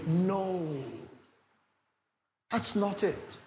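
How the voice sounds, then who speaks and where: A middle-aged Nigerian man preaching a sermon, swinging between loud declarations and soft pleading asides. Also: a little high, lively intonation, a little slow, a little hiss or hum. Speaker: pastor.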